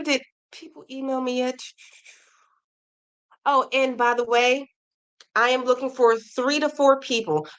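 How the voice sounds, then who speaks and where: Female crochet streamer, mid-pitched, chatty, reacts warmly to comments, casual live talk. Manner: chatty, reads viewer comments aloud, animated reactions. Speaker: crochet livestream host. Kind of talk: casual livestream chat reading comments.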